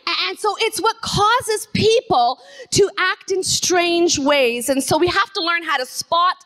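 A woman preaching an energetic sermon, calling on the congregation to repeat phrases after her. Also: very high-pitched, a little slow. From Canada. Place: church sanctuary.

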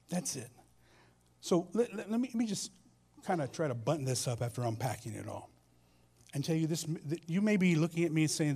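Animated male pastor preaching. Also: a little high, slightly rough. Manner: animated storytelling, repeats phrases, swings between loud and soft. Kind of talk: sermon. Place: church sanctuary.

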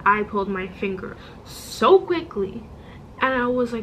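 A woman vlogger telling a story in a casual, animated and exasperated way, demonstrating with objects as she goes. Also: on the high side, unhurried, lo-fi sound, a little hiss or hum. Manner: demonstrates with objects while talking.

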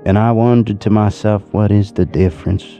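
A man's voice: lowish voice, fairly even intonation, dark tone, faint music behind, close to an everyday voice. A man putting on a sinister drawling Southern killer. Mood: sinister musing. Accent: put-on Southern US. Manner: slow drawl, musing and sinister. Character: menacing rural Southern man confessing a killing.

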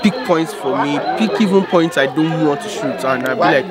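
A man's voice: a little high, a little fast, few pauses. A Nigerian man, a photographer, chatting casually and jokingly, imitating sounds as he talks. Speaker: photographer guest. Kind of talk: casual chat. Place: outdoors at a busy hangout. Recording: crowd voices around.

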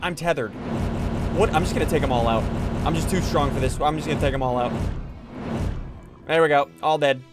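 A man hosting a gaming video, narrating his own moves in an excitable way and yelping or shouting when things go wrong. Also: a little high, fairly quick, long pauses, music in the background. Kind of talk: Minecraft let's-play commentary.

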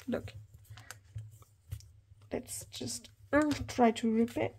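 A woman in her thirties chatting through an unboxing haul, gushing and excitable, often talking straight to her viewers. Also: a little high, slow, creaky, slightly rough. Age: 30s. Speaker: planner hobby vlogger.

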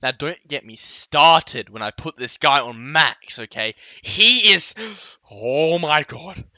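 Comedic vlogger, male, slightly high voice, dry close sound, over-the-top ranting. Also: big pitch swings, unhurried, pushed and bright, no room sound. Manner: exaggerated, ranting, yelps and outbursts. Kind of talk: comedic rant vlog.

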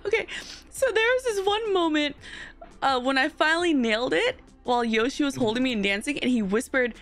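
A young woman with a high voice tells a story in a casual chat, candid and giggly, swearing freely. Faint music plays softly under her voice. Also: lively intonation, fairly quick. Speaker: guest.

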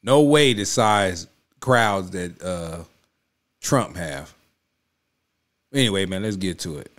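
A man's voice: deep voice, animated, slow, a bit bright, slight background noise. A man hosting a reaction video, talking in an emphatic, repetitive, casual way and often checking in with his listeners. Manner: emphatic, repeats himself, keeps saying "you know what I'm saying". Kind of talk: casual spoken commentary.

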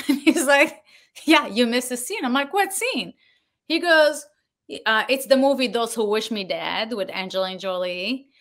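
A woman who works as a Foley artist, guesting on a podcast and telling a story in a lively, laughing way, acting out the voices of the people she quotes. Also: a little high, normal speed. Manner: animated, acts out quoted dialogue, laughs often. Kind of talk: casual storytelling.

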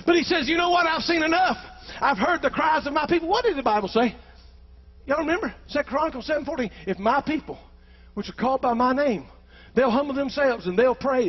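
A man preaching with fervor, his voice pitched unusually high for a man. He keeps calling out to the congregation as he preaches. The recording sounds dull and lo-fi. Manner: fervent, calls out to the congregation. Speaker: pastor. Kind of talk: preaching a sermon.

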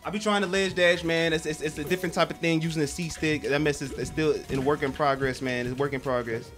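A young man chatters through a live fighting-game stream, excitable and quick to call himself out. His voice sits high, and faint game music plays underneath. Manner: excitable, self-deprecating, swears mildly. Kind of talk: casual gaming commentary.

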